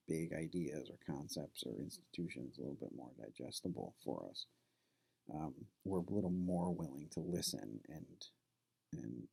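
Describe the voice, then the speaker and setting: A man's voice: a bass voice, gravelly, mellow, husky. A man who is a college professor, talking casually to his class and telling a story, loose and conversational with plenty of fillers. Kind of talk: classroom lecture with anecdote.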